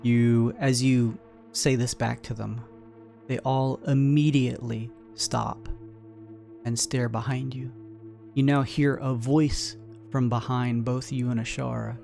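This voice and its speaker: A man narrating a tabletop game as game master, slow and dramatic. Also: medium pitch, flat delivery, vocal fry, a little mellow, faint music behind.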